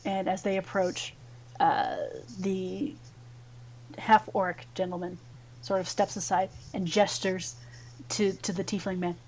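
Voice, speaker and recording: Woman game master, slow narration, medium voice, easygoing, fillers. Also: mid-range voice, low-quality recording. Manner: relaxed, hesitant narration with fillers and laughs.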